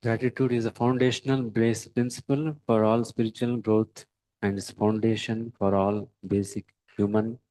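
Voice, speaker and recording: A man giving a devotional sermon, speaking in halting phrases with many pauses and fillers and putting rhetorical questions to his listeners. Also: lowish voice, flat delivery, mellow, no room sound, poor audio. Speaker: devotional lecturer.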